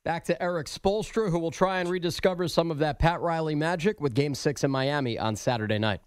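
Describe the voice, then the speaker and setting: A man's voice: fairly high pitch, brisk, clean tone, no room sound, clean studio sound. Chatty male sports radio co-host. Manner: chatty, teasing, reads the update plainly. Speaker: sports update anchor and co-host. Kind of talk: sports radio update and banter.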